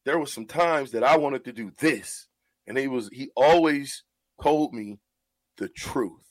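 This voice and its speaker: A man's voice: medium pitch, measured pace, no echo. A man who is a radio show host, talking in an earnest, heartfelt way about mentoring and often repeating his words as he goes.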